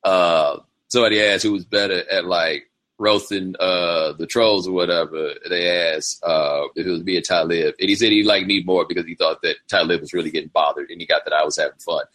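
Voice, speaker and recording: Casting note: male host, low husky voice with a bright, forceful edge, loose rambling storyteller. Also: steady tone, fairly quick. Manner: rambling storytelling with quoted impressions. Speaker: show host. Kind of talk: casual livestream monologue.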